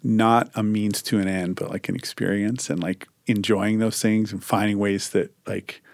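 A man's voice: lowish voice, moderate pace, gravelly, no room sound, studio quality. A man co-hosting a podcast, chatting casually and rambling with lots of fillers and restarts. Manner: relaxed, rambling with many likes and restarts. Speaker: podcast co-host. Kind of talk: casual chat.

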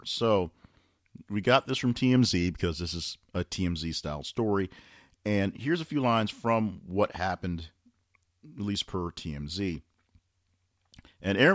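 A man's voice: on the low side, dry recording, clean studio sound. A man hosting a weekly news roundup podcast, reading headlines aloud and chatting loosely around them with restarts. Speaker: podcast host.

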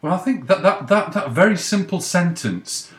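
A male interviewer who reacts with short enthusiastic remarks and asks halting, rambling questions. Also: high voice, animated, roomy sound. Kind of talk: interview chat.

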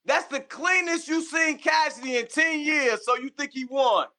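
Teasing man with a high bright voice. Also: moderate pace. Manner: teasing, argumentative, slang-heavy. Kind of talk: casual debate banter.

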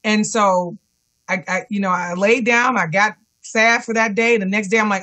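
A woman speaks earnestly over a remote call, with a bright, forceful voice. She tells her story as an interview guest and keeps repeating encouraging words to herself. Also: medium pitch, fairly even intonation, normal speed. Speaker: guest, cancer survivor and fitness instructor. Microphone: remote call connection.

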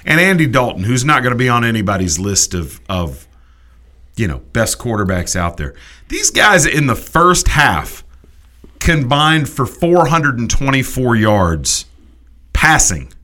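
A man hosting a sports talk show, ranting in an animated, emphatic way with quick restarts. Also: mid-range voice.

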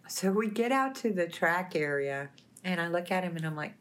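A woman, a talk show guest, telling a lively story full of quoted dialogue in a plainspoken way. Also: fairly low pitch, normal speed. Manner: animated, laughing, plainspoken retelling.

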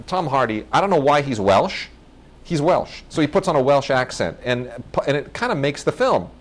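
Enthusiastic rambling man reviewing films. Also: mid-range voice. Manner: enthusiastic, rambling, often restarts and self-corrects. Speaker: film review co-host. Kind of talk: casual movie review chat.

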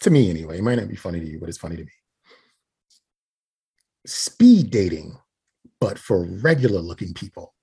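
Super raspy guy on a podcast, voice swings up and down a lot, blunt hot takes. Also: low voice, big pitch swings, moderate pace, pauses often, mellow. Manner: opinionated, makes blunt arguments and rants. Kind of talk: casual comedic chat.

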